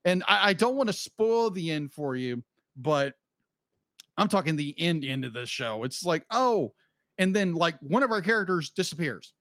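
Man, podcast co-host, casual rambling chat, slightly high voice, dry close mic. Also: animated, normal speed, a bit bright, dry recording. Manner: rambling, frequent restarts and "be like" asides.

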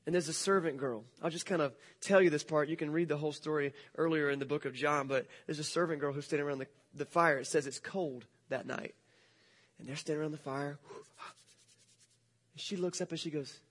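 A male pastor retelling a story to a church congregation, speaking in a casual, jokey, animated way. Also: fairly high pitch, fairly quick. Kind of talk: sermon storytelling.

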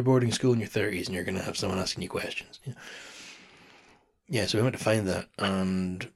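Gravelly man in his thirties, chatty. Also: low voice, brisk. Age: 30s. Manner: chatty and rambling, laughs often, swears casually. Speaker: podcast host. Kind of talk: casual storytelling monologue.

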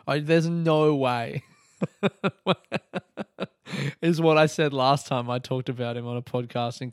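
A man's voice: mid-range voice, clear, resonant tone, no room sound, studio quality. A young man hosting a solo podcast, rambling casually, swearing freely and laughing often. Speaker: podcast host.

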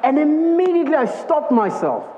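A man's voice: very high voice, sing-song, normal speed, mellow, slight background noise. A man giving a conversational sermon as a preacher, telling stories earnestly and acting out the quotes in them. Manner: earnest storytelling with vivid acted-out quotes. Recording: echoey hall, dull lo-fi sound.

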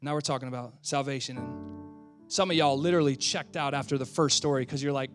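A male pastor preaching a sermon, calling out to the congregation, swinging from loud outbursts to quiet, close talk. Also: mid-range voice, fairly quick, music in the background. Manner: animated, swings between shouting and quiet; talks back and forth with the congregation.

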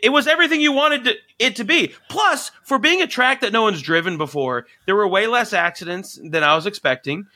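A man co-hosting a podcast in casual chat, excitable and profane, rambling with lots of fillers. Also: high-pitched, dry recording. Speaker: podcast co-host.

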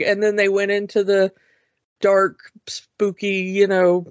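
A woman's voice: medium pitch, little pitch movement, takes it slowly, no room sound, highs cut off. A woman co-hosting a casual talk show about cartoons, chatty and enthusiastic, often restarting her sentences. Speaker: podcast co-host. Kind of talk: casual cartoon review chat.

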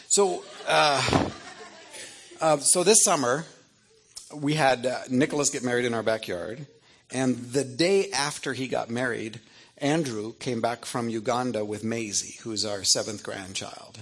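A man's voice: on the low side, vocal fry, fairly bright tone, breathy edge. A middle-aged man, an author, telling humorous family stories to an audience in a rambling, anecdotal way with self-amused asides. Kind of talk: humorous storytelling talk.

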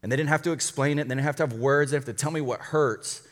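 A man who is a college pastor, preaching a conversational sermon with quick asides and light humor. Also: medium pitch, long reverb tail.

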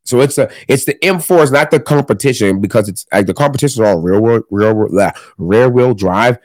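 A man's voice: lowish voice, fairly quick, darkish tone, no room sound. A young man, a gym owner, chatting casually as a podcast guest, rambling with lots of fillers and restarts and casual swearing.

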